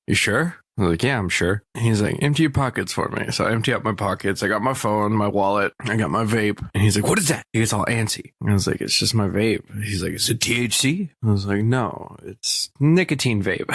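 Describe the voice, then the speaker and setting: A man's voice: fairly low pitch, a little fast, fairly bright tone, husky, dry recording, studio quality. A young man from Texas, hosting a casual solo podcast, rambling through stories, acting out what people said, and laughing often. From Texas, USA. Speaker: podcast host.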